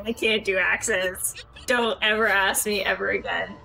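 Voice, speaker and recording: A woman's voice: mid-range voice, fairly even intonation, unhurried, vocal fry, pushed and bright, faint music behind. A woman hosting a casual chat, joking at her own expense and tripping over words. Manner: jokey, self-deprecating, trips over words. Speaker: host and gamer.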